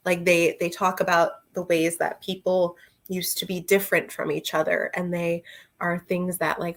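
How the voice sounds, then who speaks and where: A woman chatting casually about books on a livestream, laughing often and answering her viewers. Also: lowish voice. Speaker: book reviewer. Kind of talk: casual livestream book chat.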